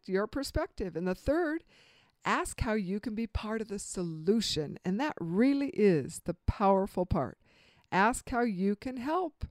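A woman giving a motivational talk on communication, earnest and expressive, voicing quotes with strong emphasis. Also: medium pitch, a little slow, no echo. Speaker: motivational speaker.

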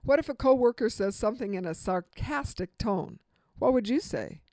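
A woman's voice: fairly high pitch, lively intonation, normal speed, darkish tone, no echo. A woman giving an instructional talk on communication, quizzing the listener with multiple-choice examples and a light touch of humor.

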